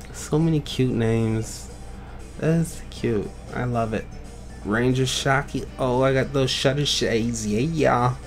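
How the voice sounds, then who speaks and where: Slow-talking playful male gaming host. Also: medium pitch. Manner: playful and goofy, gushing over viewers' art. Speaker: YouTube game channel host. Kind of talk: casual commentary reviewing fan art.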